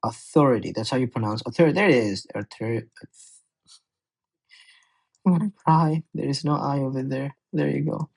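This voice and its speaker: A man's voice: mid-range voice, fast talker, creaky, few pauses, darkish tone, slightly rough, rough recording. A man tutoring English in a casual exam walkthrough, chatty and often correcting himself as he thinks aloud.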